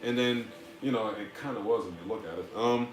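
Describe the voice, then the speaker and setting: A man's voice: medium pitch, brisk, echoey room. A man hosting a casual podcast chat, rambling and sarcastic, with frequent restarts. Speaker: podcast host.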